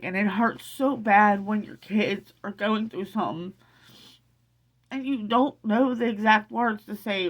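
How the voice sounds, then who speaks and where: A middle-aged woman telling a personal family story to camera in a casual, emotional way, halting and tearful. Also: mid-range voice. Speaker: vlogger sharing family news.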